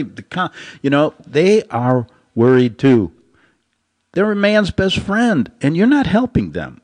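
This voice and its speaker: A male host delivers a loose, rambling commentary monologue. His pitch swings up and down constantly, and he keeps chuckling at his own jokes. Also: darkish tone.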